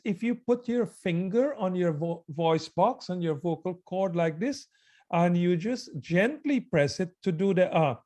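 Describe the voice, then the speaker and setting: Man, mantra teacher, high voice, slow pace, reverent devotional instruction. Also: dark tone. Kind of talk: devotional prayer and chanting instruction.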